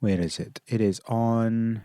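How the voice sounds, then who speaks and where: A man's voice: lowish voice, steady tone, takes it slowly, dark tone. A man co-hosting a podcast with a dry, wry way of talking. He is close to the mic in a dead, dry room with no echo at all. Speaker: podcast co-host. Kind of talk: casual podcast chat.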